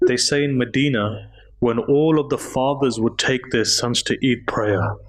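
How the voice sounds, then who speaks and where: A man's voice: medium pitch, fairly even intonation, moderate pace, rough recording. A man preaching a sermon at a mosque, telling stories emotively, his voice rising in the moving passages. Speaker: speaker at a mosque gathering. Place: mosque hall.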